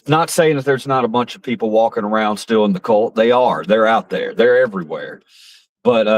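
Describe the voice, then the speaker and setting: A man's voice: medium pitch, no room sound. A man giving casual, rambling political commentary on his stream, profane and mocking, with frequent restarts.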